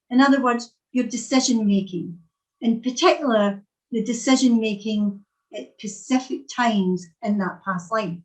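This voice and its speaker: A middle-aged woman with a Scottish accent, a psychic speaker, gives an earnest talk over a video call, repeating phrases as she searches for words. Her voice is a little high, and the recording quality is low.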